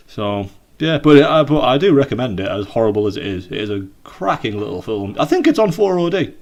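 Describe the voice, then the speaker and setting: A man's voice: medium pitch, lively intonation, brisk, darkish tone. A British man co-hosting a casual podcast over a video call, rambling and swearing, with many fillers and restarts. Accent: British English. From United Kingdom. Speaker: podcast co-host. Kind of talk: casual chat.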